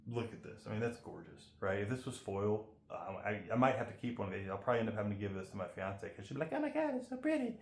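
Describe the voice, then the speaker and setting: A card collector hosts casual commentary while opening trading card packs, chatting and rambling as he reads the card text aloud. He has a lowish voice and talks fast with few pauses. The recording has a roomy echo.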